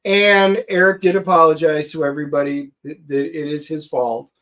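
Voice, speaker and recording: A man's voice: fairly high pitch, fairly even intonation, normal speed, a bit bright. A man co-hosting a casual chat show, teasing and joking, rambling with restarts. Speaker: co-host.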